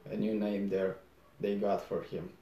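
A man reading aloud as a stern, sarcastic old father, scolding slowly and low in a roomy space. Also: flat delivery, creaky, dark tone, a little hiss or hum. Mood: scornful.

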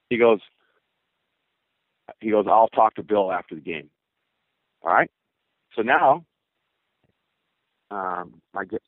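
An older man, a former baseball pitcher, telling a long story in a rambling way, with restarts and quoted voices of others. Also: no room sound. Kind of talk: casual spoken storytelling. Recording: narrow phone-like dry sound.

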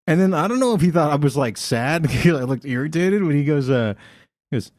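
Talking fairly quickly with a fairly high voice, this comedy podcast co-host recounts anecdotes and animatedly acts out voices, cursing a lot. The recording is dry with clean studio sound.

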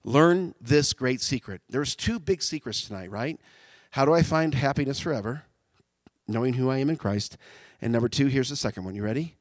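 A man preaching a sermon, animated, swinging from loud shouts down to quiet, intimate tones. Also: mid-range voice, moderate pace, no echo.

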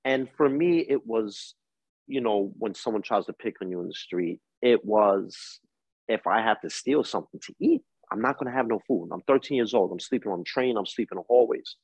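A husky, low-voiced man in his forties with a New York accent speaks in a podcast interview. He tells his story emphatically, in a street-wise way, as a coach giving life lessons. The recording is dull and lo-fi, with a dry, close sound. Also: expressive, normal speed, a little mellow, dry recording. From East New York, Brooklyn. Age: 40s. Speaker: guest, coach.

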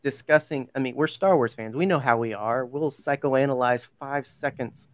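Chatty male podcast host, smooth dry voice. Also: mid-range voice, moderate pace, no room sound. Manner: chatty, full of fillers and self-corrections. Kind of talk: casual podcast chat.

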